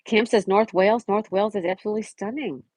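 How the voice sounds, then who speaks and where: A woman hosting a casual live stream, chatting and answering viewers by name, sometimes dropping to a soft whisper. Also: medium pitch, fast, husky, no echo.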